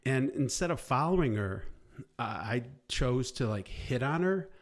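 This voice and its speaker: A man's voice: mid-range voice, a little slow. A man telling a rambling funny story in casual chat, laughing and acting out quotes. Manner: animated, laughing, acts out quotes. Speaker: podcast guest.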